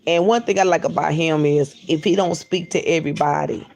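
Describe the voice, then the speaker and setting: A woman telling a workplace story in a blunt, animated storytime chat, acting out quotes. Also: deep voice, brisk, creaky. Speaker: storyteller vlogger. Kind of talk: casual storytime.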